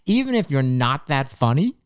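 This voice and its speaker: A man's voice: mid-range voice, sing-song, moderate pace, smooth. A man co-hosting a podcast, telling long rambling stories and acting out the people he quotes. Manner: rambling storyteller, acts out quotes. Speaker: podcast co-host. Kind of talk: casual chat.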